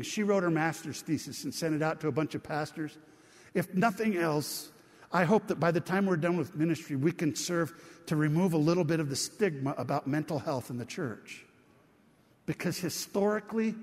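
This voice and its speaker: A middle-aged man preaches from a church sanctuary, his voice sitting a little high for a man. He keeps it conversational, often checking in with the people listening. A long reverb from the hall hangs after each phrase. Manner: conversational, calls out to the congregation. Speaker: pastor. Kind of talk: sermon.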